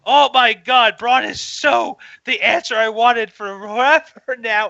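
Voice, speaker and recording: High, bright-voiced excitable man. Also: measured pace, gravelly, dry recording, lo-fi sound. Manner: excitable, gushing, shifts to loud squealing. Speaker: podcast co-host. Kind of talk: casual wrestling chat.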